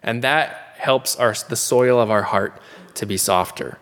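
A man preaching a sermon in an earnest, conversational teaching manner, slowing down to repeat key questions. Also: medium pitch, a bit bright, big-room sound.

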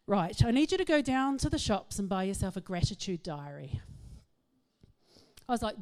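Animated woman. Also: mid-range voice, normal speed, long pauses. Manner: storytelling, animated, self-mocking. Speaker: speaker. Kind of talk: humorous talk to an audience.

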